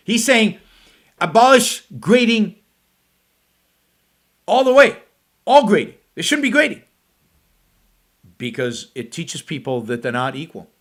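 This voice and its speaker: Scornful high-pitched man commenting. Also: moderate pace, pauses often, a bit bright. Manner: mocking, scornful, emphatic. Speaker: show host reacting to a clip. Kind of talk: sarcastic commentary on a video clip.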